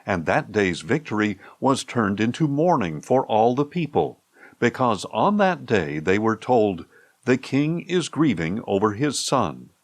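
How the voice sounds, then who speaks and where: A man narrating a scripture audiobook in a slow, measured, expressive reading. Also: on the low side, no room sound.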